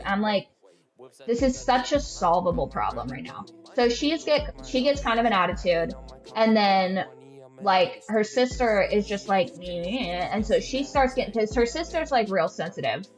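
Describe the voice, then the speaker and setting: A woman hosting a podcast, telling a story in blunt, profane casual chat full of filler words, acting out her friends' lines. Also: medium pitch. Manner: acts out friends' lines in quoted asides. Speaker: podcast host.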